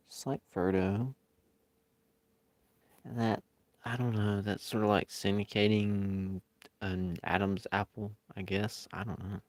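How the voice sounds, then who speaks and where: A man with a fairly low voice chats with viewers as he draws. He talks in an unhurried, easygoing way that often rambles. The sound is dry, with almost no room echo. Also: darkish tone. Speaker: live-stream artist. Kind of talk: casual chat while drawing.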